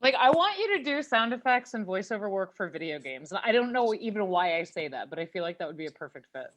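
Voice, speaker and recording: A young woman co-hosting a podcast, teasing and blunt, excitable in casual chat. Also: mid-range voice, fast. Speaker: podcast co-host.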